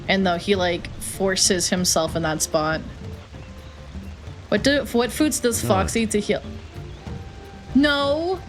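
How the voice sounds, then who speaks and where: A woman's voice: mid-range voice, measured pace, faint music behind. Chatty young woman streamer. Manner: chatty, joking, reads chat aloud. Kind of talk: casual live-stream chat while playing.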